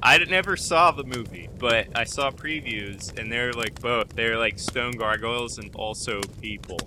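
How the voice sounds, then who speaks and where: A man teasing his friends in comedic banter with deadpan questions. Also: mid-range voice, moderate pace, background noise.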